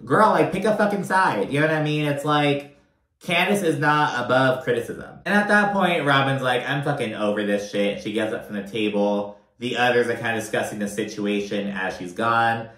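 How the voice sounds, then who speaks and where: A man giving a casual, profanity-laced reality TV recap, animated and full of filler like "you know what I mean.". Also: medium pitch, moderate pace. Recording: roomy echo.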